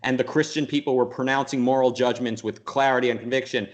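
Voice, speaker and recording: A man being interviewed, speaking at an average pitch in a loose, rambling way. He restarts his sentences often and jumps into quick mock voices to make a point. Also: fairly even intonation. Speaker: interview guest. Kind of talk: casual conversational interview.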